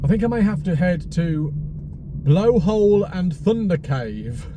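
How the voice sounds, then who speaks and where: A man talks his way through a road trip in a loose, rambling vlog style. His voice sits a little high for a man. Heavy car and road noise fills the track, and the mic sits some way from him. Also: lively intonation, a little slow, distant mic. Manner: chatty, rambling musings. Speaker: travel vlogger. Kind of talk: casual vlog while driving. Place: in a car and outdoors on a coastal road.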